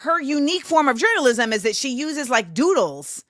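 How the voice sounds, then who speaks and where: A woman hosting a casual live-stream chat, animated and playful, slipping into voices and laughter. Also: high voice, moderate pace, no echo, studio quality. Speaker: host.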